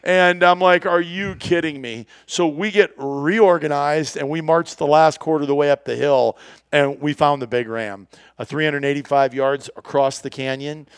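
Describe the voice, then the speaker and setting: A man telling a hunting story in lively, animated fashion, acting out the dialogue and laughing often. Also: on the high side, moderate pace, smooth, no room sound, studio quality.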